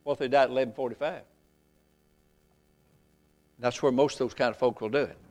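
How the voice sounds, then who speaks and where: A man preaching a sermon, reading scripture aloud, rising loud and slow for emphasis, then falling very low and soft. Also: steady tone. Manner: reads scripture in old-fashioned phrasing.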